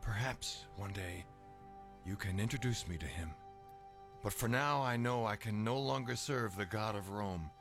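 A stern, grave Roman officer. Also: male voice, lowish voice, measured pace, a bit bright. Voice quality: firm, grave. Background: music.

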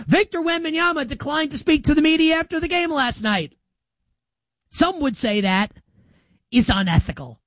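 A man's voice: big pitch swings, measured pace, long pauses, fairly bright tone, no room sound. A man hosting a sports talk show, delivering an opinionated monologue with sarcastic emphasis. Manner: sarcastic and emphatic, with wide swings in pitch.

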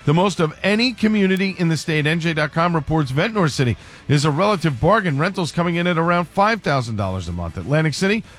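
Brisk local radio newsman, higher voice. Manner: brisk, even newsreader delivery. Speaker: radio news anchor. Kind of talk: scripted news read.

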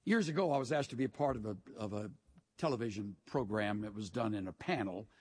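Pastor, male, husky voice; folksy sermon storyteller with dry wit. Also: on the low side, fast, a little mellow.

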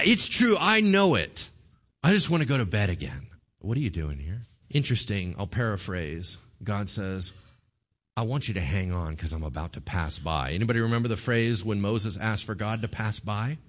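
A man preaching a sermon, retelling a story in an animated way and acting out the voices of the people in it. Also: lowish voice. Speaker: pastor.

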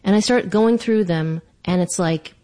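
A woman telling a comic personal story in an animated, self-mocking way. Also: mid-range voice, unhurried.

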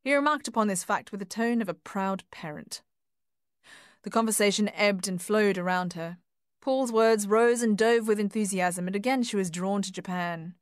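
Woman reading an audiobook, calm measured pace, dry close mic. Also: mid-range voice, no echo. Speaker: audiobook narrator. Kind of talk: storybook reading.

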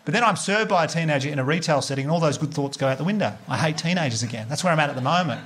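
An Australian man performing a stand-up comedy set, telling stories in a laid-back, sweary, deadpan way. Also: on the high side, very fast, slight background noise. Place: live comedy venue with audience laughter.

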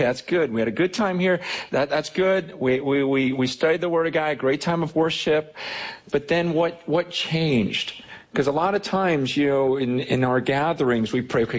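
Husky animated male pastor preaching. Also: mid-range voice, poor audio. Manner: animated, stammering repeats when excited. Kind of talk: sermon.

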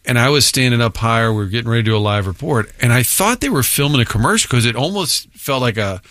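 A man's voice: mid-range voice, lively intonation, fast, fairly bright tone, no echo. A man co-hosting a sports radio show, joking and playful in casual banter.

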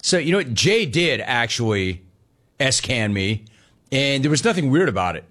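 A man hosting a sports talk show, reading listener messages and telling stories in a jokey, animated, digressive way. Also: medium pitch, moderate pace.

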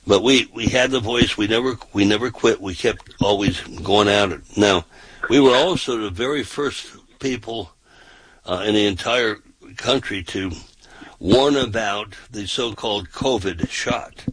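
A man's voice: on the low side, measured pace, a bit bright, breathy edge, no echo, poor audio. A man hosting a casual talk show, talking emphatically and often repeating himself and restarting his sentences.

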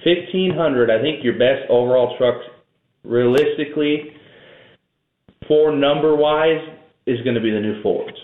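A man's voice: mid-range voice, unhurried. A man talking casually as a guest, explaining trucks and towing at length with fillers and restarts. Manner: knowledgeable, rambling, frequent fillers and restarts. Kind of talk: casual interview talk. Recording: echoey room over a tinny phone-like line.

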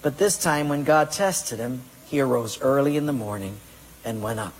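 A man's voice: mid-range voice, moderate pace, husky. A male pastor preaching a sermon to a congregation and asking them direct questions. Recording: long hall reverb.

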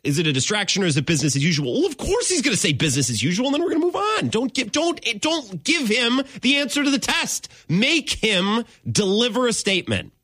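A man's voice: sits high, very animated, fast talker, hardly any pauses, sharp tone, no echo. A man hosting a sports talk radio show, ranting emphatically with mock exasperation. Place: radio studio.

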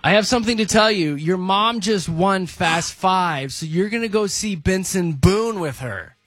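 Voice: mid-range voice, a little slow, fairly bright tone, dry recording, faint music behind. A radio morning show host running a call-in game, upbeat and teasing.

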